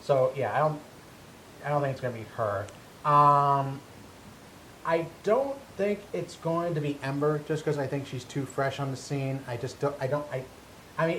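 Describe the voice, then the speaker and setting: A man's voice: a little high, a bit bright. A man co-hosting a casual wrestling podcast, talking animatedly with many stammered restarts. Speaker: podcast co-host. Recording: echoey room with faint hum.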